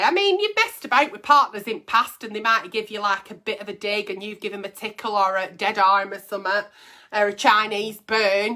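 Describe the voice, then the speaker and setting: A woman's voice: a little high, sharp tone. A middle-aged woman hosting a casual advice stream, blunt and profane as she reads and answers letters. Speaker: advice show host.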